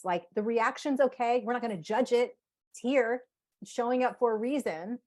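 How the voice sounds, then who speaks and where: A woman psychotherapist talking casually as a podcast guest, animated, acting out inner voices and saying "like" often. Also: fairly high pitch, moderate pace. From United States.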